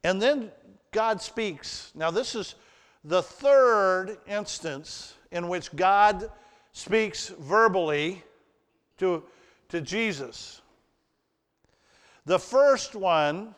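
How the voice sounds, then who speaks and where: A man preaching a sermon as pastor, shifting between loud emphasis and hushed, earnest passages. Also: high-pitched, drawn-out words, pauses often. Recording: long reverb of a large hall.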